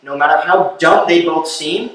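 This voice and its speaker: A man telling stand-up stories with a voice on the higher side. He builds his bits into loud, incredulous rants. He is heard from a little off-mic in a very echoey live room. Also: moderate pace, far from the mic. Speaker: stand-up comedian. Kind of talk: stand-up comedy set. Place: live comedy venue.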